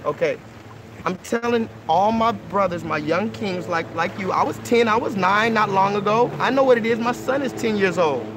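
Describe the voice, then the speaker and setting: Amid a noisy background, a man in his thirties with a high voice talks at normal speed into a phone while livestreaming outdoors by a pool. He chats casually with kids in an earnest, coaxing way, constantly checking in with "okay?" and "right?".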